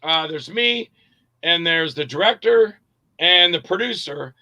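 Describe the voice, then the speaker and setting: Guy in an interview rambling through set stories, acting out what everyone said, kinda high voice, swears a bit. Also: measured pace, lo-fi sound. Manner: lively storyteller who acts out other people's lines; loose and rambling, with profanity. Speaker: film actor and director, interview guest. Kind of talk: casual anecdote-telling in an interview.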